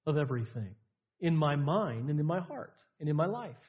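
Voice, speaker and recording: A man preaching a sermon, emphatic, with repeated lines and dramatic pauses. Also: on the high side, big pitch swings, a little mellow, dull audio. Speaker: pastor. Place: church sanctuary.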